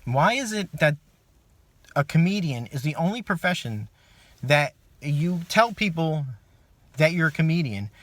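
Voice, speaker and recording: A man doing a stand-up comedy routine as a comedian, ranting and swearing, swinging from low muttered asides to loud angry outbursts. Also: very animated, measured pace, long pauses, no room sound.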